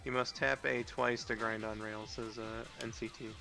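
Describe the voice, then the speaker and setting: A man's voice: mid-range voice, level tone, normal speed, gravelly, sharp tone, faint music behind. A man chatting casually as a co-streamer, joking and teasing the host. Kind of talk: casual chat while gaming.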